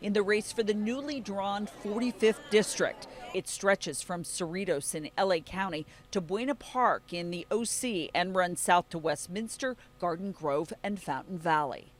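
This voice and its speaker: Woman reporter, measured news narration. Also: mid-range voice. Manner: steady, measured delivery.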